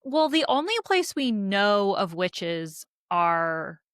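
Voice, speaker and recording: A woman co-hosting a casual book podcast, reading passages from the book aloud in a measured way. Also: mid-range voice, sing-song, fairly bright tone, clear, resonant tone, no echo, clean studio sound. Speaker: podcast co-host. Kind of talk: casual book-club chat.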